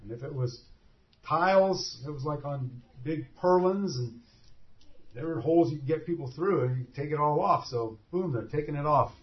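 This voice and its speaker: A man's voice: on the high side, moderate pace. A man preaching a sermon, telling the story vividly and acting out the scenes as he goes. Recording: dull lo-fi recording.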